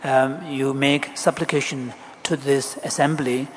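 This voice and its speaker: A man interprets a Buddhist teaching in a measured, deliberate voice of middling pitch. He is recorded in a hall with a long reverb and a faint hiss behind him. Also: steady tone. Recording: echoey hall, faint background noise.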